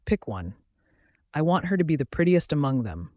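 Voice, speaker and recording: A man's voice: a little high, very animated, fairly quick, no room sound, clean studio sound. A man voicing a stern young werewolf alpha who gives orders in an audiobook romance. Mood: commanding.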